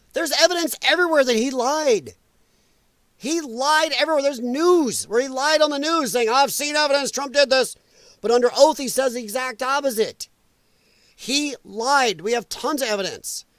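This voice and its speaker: A man's voice: high voice, a bit bright, dry recording. A middle-aged man hosting a late-night political commentary stream, blunt and combative, swearing as he reads and answers chat comments. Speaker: host.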